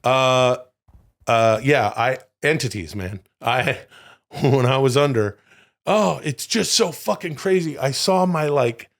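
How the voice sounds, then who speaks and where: A man's voice: medium pitch, takes it slowly. A male co-host with a mid-range voice chatting on a comedy podcast. He rambles, swears freely and keeps things loose and joking, trailing off and restarting as he goes. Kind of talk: casual comedic chat.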